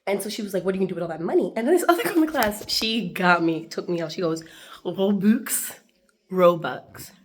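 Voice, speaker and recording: A woman in her twenties vlogging, telling stories to the camera in a lively, chatty way and acting out the dialogue. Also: medium pitch, brisk, slight background noise. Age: 20s. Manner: animated, acts out dialogue, laughs often. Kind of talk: casual storytelling to camera.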